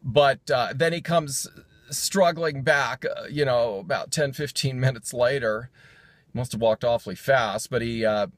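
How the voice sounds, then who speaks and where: A man's voice: medium pitch, measured pace, dry recording. A man casually recapping a sermon's jokes, rambling with fillers and self-corrections and chuckling as he goes. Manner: chuckles while telling jokes.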